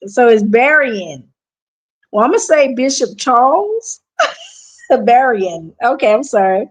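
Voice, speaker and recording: A woman's voice: a little high, very animated, takes it slowly, pauses often. A woman with a Southern accent chatting casually with viewers on her livestream, answering their comments and repeating herself. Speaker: livestream host.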